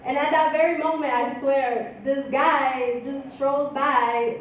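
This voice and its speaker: A woman's voice: high voice, steady tone, takes it slowly. A woman telling a personal story on stage at a live event, chatty and often laughing. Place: outdoor ballpark stage. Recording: echoey, distant, dull live recording.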